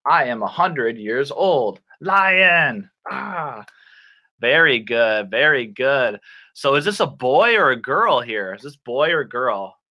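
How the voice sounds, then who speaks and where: A man's voice: medium pitch, animated, takes it slowly, sharp tone. A man from Michigan teaching an online English class to children, playful and exaggerated, with silly sound effects. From Michigan, USA. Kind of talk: animated kids' online class.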